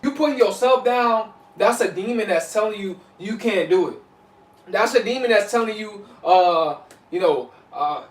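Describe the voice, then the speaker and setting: A man's voice: high voice, moderate pace, recorded from a distance. A man vlogging casually to camera, preaching advice in a repetitive, loose way and often asking "you know what I'm saying". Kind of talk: casual motivational talk to camera. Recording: echoey room, voice off-mic.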